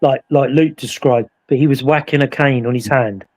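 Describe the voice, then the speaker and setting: A man recounting a ghost investigation in casual chat, acting out the voices in his story with animated energy. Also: mid-range voice, moderate pace. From England. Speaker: paranormal investigator.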